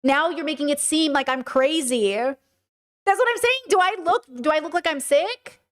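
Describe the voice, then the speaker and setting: A woman's voice: sits high, moderate pace. A woman streamer giving passionate, direct commentary on a livestream, reading her chat aloud and answering it. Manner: passionate, direct, animated argument; reads out chat messages and answers them.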